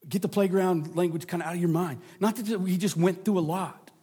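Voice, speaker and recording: A male pastor with a high-pitched voice preaches a sermon. He sinks into soft, hushed passages and then builds back up to emphatic, almost shouted lines. He slips in playful jokes to the congregation. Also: fairly even intonation, a little fast, breathy edge. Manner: dramatic drops to a low hush, then rising emphasis; jokey asides to the congregation.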